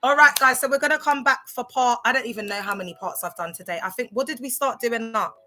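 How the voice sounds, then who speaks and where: A woman's voice: a little high, fast, sharp tone, soft background music. A woman, chatting casually on a phone livestream, rambling with lots of fillers and talking straight to her viewers. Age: 30s. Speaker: livestream host. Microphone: phone camera on a social media livestream.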